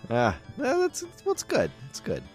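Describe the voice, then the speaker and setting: A man's voice: high-pitched, huge pitch swings, normal speed, gravelly. A man hosting a video game music podcast, chatting in a playful, joking way. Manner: playful, jokey banter. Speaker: podcast host. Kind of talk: casual chat.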